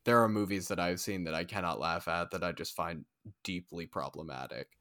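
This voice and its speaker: A man's voice: low-pitched, moderate pace, sharp tone, no room sound, studio quality. A man co-hosting a podcast in casual chat, ranting with exasperated emphasis. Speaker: podcast co-host.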